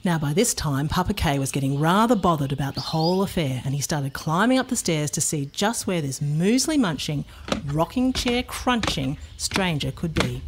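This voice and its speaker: A woman narrating a children's storybook in an expressive, playful manner. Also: sits low, normal speed, noisy background.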